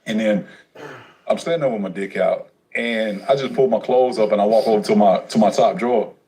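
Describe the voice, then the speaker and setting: A man telling his life story on a casual livestream, profane and streetwise, animated as he goes. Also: on the low side, a little fast, low-quality recording.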